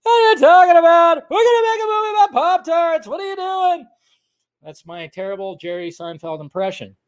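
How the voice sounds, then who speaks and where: A high, whiny comedian voice full of incredulous complaints, put on by a man as a rough impression. It is pitched well above his normal talk. The bit is played as a joke in a casual podcast chat. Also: sing-song, a little fast.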